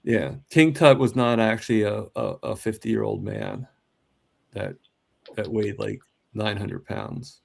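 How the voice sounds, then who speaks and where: A man talks casually on a livestream, stammering over his words and cracking jokes. His voice is gravelly with a lot of fry. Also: fairly low pitch, fairly even intonation, unhurried. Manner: talkative, stammering, jokey. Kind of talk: casual live-stream chat.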